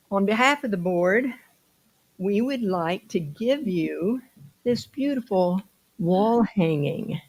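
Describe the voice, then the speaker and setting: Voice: mid-range voice, gravelly, slightly rough. A board member leading a church benediction, speaking in rhythmic, repeated affirmations.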